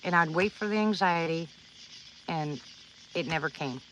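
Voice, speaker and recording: A woman's voice: low-pitched, moderate pace, a bit bright, slight background noise, low-quality recording. A woman livestreaming outdoors at night, telling a personal story to her viewers in a rambling, earnest way, with many restarts. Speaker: livestream vlogger.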